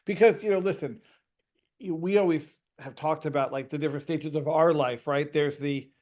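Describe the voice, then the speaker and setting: A man tells a story with animated energy, his voice a bit high. He talks quickly and with life. The sound comes through a video call. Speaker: parent and guest.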